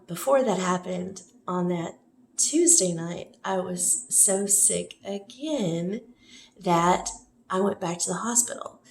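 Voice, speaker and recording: A woman's voice: medium pitch, creaky. A woman casually telling a personal story to the camera, rambling with many fillers and self-corrections. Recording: echoey room with faint noise.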